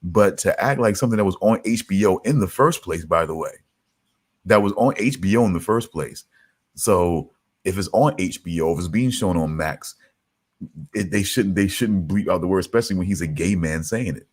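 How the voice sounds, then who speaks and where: A man co-hosting a loose podcast conversation. His voice sits a little low, and he talks in a relaxed way. He circles back and repeats himself as he thinks out loud. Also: normal speed, breathy edge. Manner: rambling, repeats words and restarts, laid-back. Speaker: podcast co-host. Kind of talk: casual chat.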